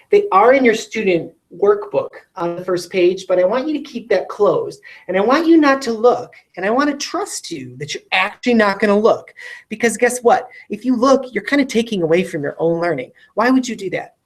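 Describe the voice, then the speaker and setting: A woman's voice: mid-range voice, lively intonation, normal speed. A woman teacher giving a recorded video lesson, explaining each step patiently and checking in with questions to her listeners. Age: adult parent.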